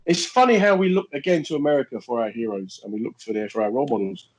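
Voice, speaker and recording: A man's voice: medium pitch, quick pace, low-quality recording. A middle-aged man co-hosting a casual podcast, telling stories in a blunt, brash, joking way. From Irish background. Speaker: podcast co-host. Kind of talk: casual chat, storytelling.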